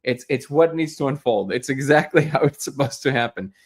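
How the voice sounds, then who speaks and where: A man's voice: medium pitch, expressive, brisk. A man hosting a daily live discussion show, talking in an earnest, reflective way and often repeating words as he gathers his thoughts.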